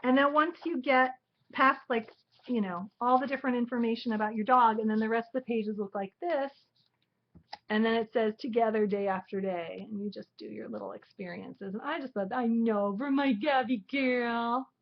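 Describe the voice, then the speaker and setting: A woman's voice: on the high side, normal speed. A woman co-hosting a live stream, chatting casually and prompting her partner. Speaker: co-host. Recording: dull lo-fi live stream audio.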